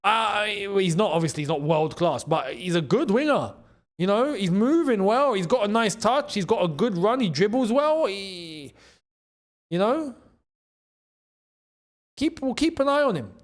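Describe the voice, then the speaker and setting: Excitable high-voiced man hosting a watchalong. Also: measured pace. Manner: excitable, repeats phrases, laughs often. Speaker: host. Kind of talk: live football watchalong commentary.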